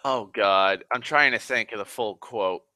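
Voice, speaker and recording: A man rambling casually on a live stream, excitable and sweary, sighing often. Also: fairly low pitch, a little slow, no echo. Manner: excitable, profane, sighs often.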